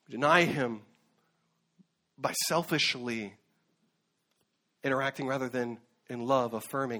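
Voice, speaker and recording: A man's voice: mid-range voice, measured pace, long pauses, pushed and bright. A man preaching a sermon as a pastor, earnest, with occasional fillers and restarts. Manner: earnest, with fillers and self-corrections.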